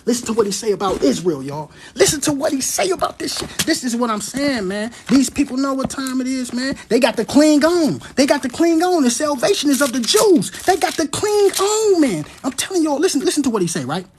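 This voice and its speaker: A man gives animated, profane commentary, breaking into loud, dramatic scripture readings. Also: very high-pitched, a little fast, few pauses, a little hiss or hum.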